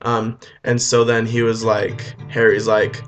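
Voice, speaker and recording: A man retelling a film as a rambling comedy story, full of deadpan asides and fillers. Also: fairly low pitch, measured pace. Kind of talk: comic retelling over music. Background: faint guitar music.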